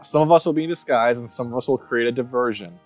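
A man's voice: mid-range voice, fast, faint music behind. A man playing a tabletop role-playing game, playfully describing his character's actions. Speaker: player. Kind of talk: casual game chat.

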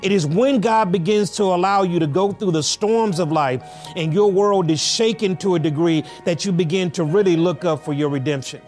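A male pastor preaching a sermon with rhythmic repetition and emphatic pauses. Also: high voice, darkish tone, soft background music.

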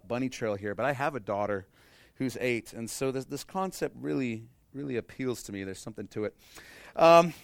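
Pastor preaching with loud-soft swings. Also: male voice, mid-range voice, no room sound, clean studio sound. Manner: dynamic, swings between loud emphasis and soft intimate tones. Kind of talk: sermon.

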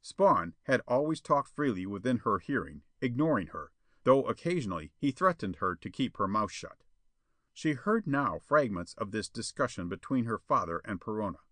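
A man reading a pulp adventure tale aloud as narrator, with an expressive storytelling manner. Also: fairly low pitch, normal speed, no echo.

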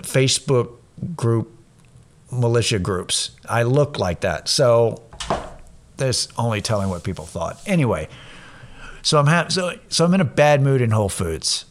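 A man telling a casual, profane, self-mocking story about his day. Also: mid-range voice.

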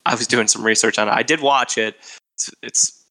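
Male podcast host, gravelly and bright, laid-back and joking. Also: medium pitch, fairly even intonation, brisk. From Michigan. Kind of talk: casual chat.

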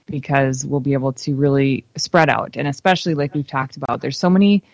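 A woman's voice: very deep voice, fairly quick, a little hiss or hum. A woman co-hosting a show, chatting in an upbeat way and letting her sentences trail off. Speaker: co-host. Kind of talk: casual chat. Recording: dry, slightly dull.

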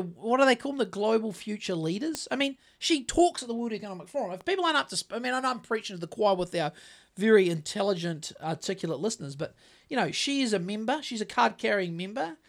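A man's voice: high voice, very animated, quick pace, vocal fry. Rambling, sweary New Zealand man. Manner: rambling, sweary, with many restarts. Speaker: podcast co-host. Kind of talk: casual chat.

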